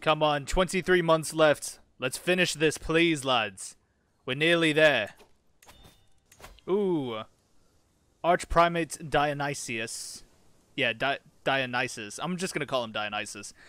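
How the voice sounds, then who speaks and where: Bright-voiced man narrating a strategy game. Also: a little high, slow pace, smooth. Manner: casual, chatty, mutters reactions to the game. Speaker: gaming channel host. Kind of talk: let's-play commentary, reading in-game events aloud.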